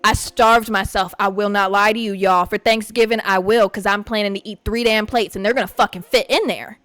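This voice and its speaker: A young woman from a Puerto Rican family hosting a podcast, telling a story in a profane, animated rant. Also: mid-range voice, brisk, no room sound. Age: young adult. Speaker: podcast host. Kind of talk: casual storytelling monologue.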